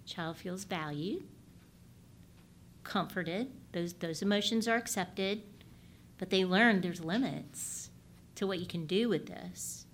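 A middle-aged woman giving an animated teaching talk on parenting. She keeps asking her listeners questions and swings from loud to hushed. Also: on the low side, slow pace, pauses often, slight background noise. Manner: animated, asks the audience questions, shifts between loud and hushed. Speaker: parenting speaker.

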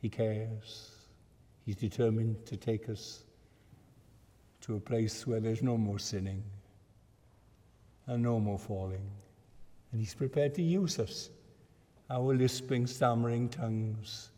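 A man preaching a sermon with earnest feeling, swelling to fervent emphasis and dropping soft. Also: lowish voice, fairly even intonation, takes it slowly, long pauses, long reverb tail.

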